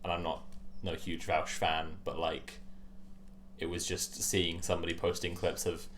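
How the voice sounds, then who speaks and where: Low-voiced woman, casual joking co-streamer, light background hiss. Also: level tone, moderate pace. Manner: laid-back, chatty and joking. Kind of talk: casual chat.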